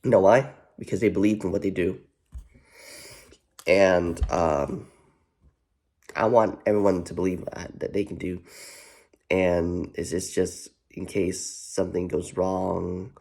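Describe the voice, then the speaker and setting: A man's voice: sits low, little pitch movement, a little slow, creaky, pauses often, warm tone. A man vlogging in a rambling, profane way, full of "you know what" fillers and repeats. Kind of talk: casual rambling commentary.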